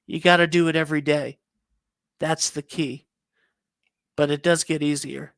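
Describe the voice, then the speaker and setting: A man quoting a calm old bearded monkey. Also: fairly high pitch, smooth, no room sound, studio quality. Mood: encouraging. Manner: plain matter-of-fact advice, quick.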